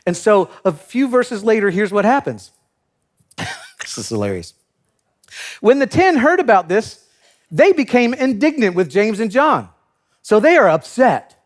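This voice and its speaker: Animated high-voiced male preacher. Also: unhurried, pauses often. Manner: animated, acts out biblical characters with comic voices; laughs often while preaching. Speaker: pastor. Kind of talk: sermon.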